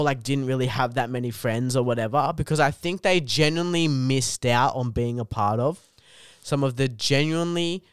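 A man's voice: mid-range voice, clean tone, no room sound, studio quality. Swearing guy telling a story. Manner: animated storytelling, heavy swearing. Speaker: comedian guest. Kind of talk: casual podcast chat.

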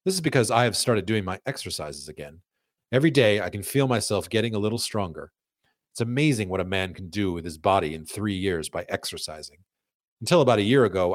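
A man narrating a scripted documentary podcast at a measured pace, reading quotes aloud in his own voice. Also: fairly low pitch, no echo, clean studio sound.

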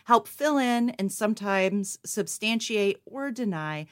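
A woman co-host reading a scripted history segment in an even, matter-of-fact way. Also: medium pitch, slow, smooth. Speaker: podcast co-host.

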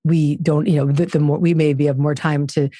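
A woman's voice: low voice, level tone, normal speed, warm tone, no room sound, clean studio sound. A woman guest author talking in an interview, emphatic and preachy in her delivery. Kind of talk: conversational interview.

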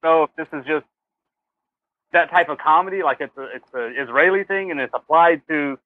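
A podcast co-host man speaks quickly in a slightly raised voice, chatty and quick to laugh. He comes through a thin, phone-like remote line with no room echo. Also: on the high side. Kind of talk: casual film discussion.

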